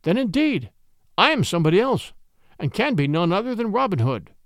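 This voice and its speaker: A man voicing a simple, bewildered cobbler who speaks in a slow, wondering way. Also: sits high, big pitch swings, no room sound, studio quality. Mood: resigned.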